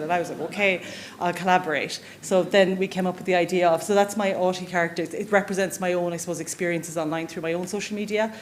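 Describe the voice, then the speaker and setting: A woman speaks at a conference through a stage microphone. She talks fast in a lowish voice, chatty and self-deprecating, with faint room noise behind her. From Ireland. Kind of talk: conference presentation.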